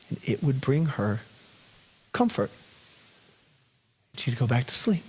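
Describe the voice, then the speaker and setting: A man preaching as a pastor, telling a personal story in an animated way that swings between loud bursts and hushed, gentle reciting. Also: medium pitch, takes it slowly, long pauses, husky. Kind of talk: sermon storytelling.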